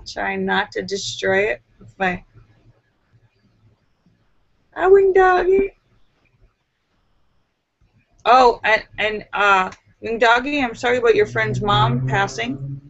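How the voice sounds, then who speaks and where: A woman's voice: on the high side, expressive, slow pace, vocal fry, long pauses, a bit bright, muffled recording. A woman hosting a casual live stream, reading out viewers' jokes and laughing at them. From United States. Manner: giggly, laughs at her own jokes.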